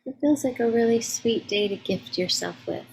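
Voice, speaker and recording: A woman's voice: on the high side, moderate pace, gravelly, a little mellow, a little hiss or hum, poor audio. A woman co-hosting a podcast in casual conversation, responding in a reflective, affirming way. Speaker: podcast co-host.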